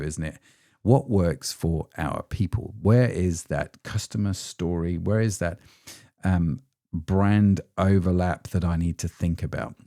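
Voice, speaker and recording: A man's voice: low voice, darkish tone, no room sound, studio quality. A man hosting a solo podcast as an ecommerce founder, chatty and self-deprecating, with frequent rhetorical tag questions.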